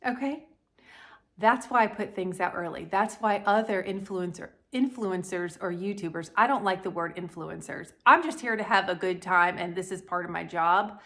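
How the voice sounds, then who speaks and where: A woman's voice: on the low side, moderate pace, sharp tone. Middle-aged woman, home vlogger; blunt, folksy, chatty. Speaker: home decor YouTuber. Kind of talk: casual decorate-with-me vlog.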